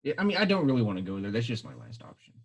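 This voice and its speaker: A man's voice: mid-range voice, wildly swooping pitch, very fast, gravelly, breathy edge, poor audio. A young man co-hosting a podcast in casual chat, rambling and hedging as he goes. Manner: rambling, hedging, self-correcting. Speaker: podcast co-host.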